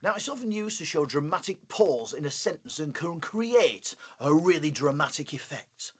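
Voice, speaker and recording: A man with a Yorkshire accent presenting a playful, excitable live online lesson for primary school children. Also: a little high, moderate pace, husky.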